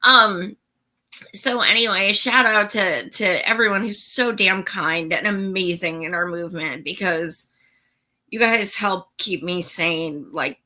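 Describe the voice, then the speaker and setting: Chatty woman livestream host, bright voice. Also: mid-range voice, a little slow. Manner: chatty, swearing, venting. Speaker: political show host. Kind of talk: casual livestream chat.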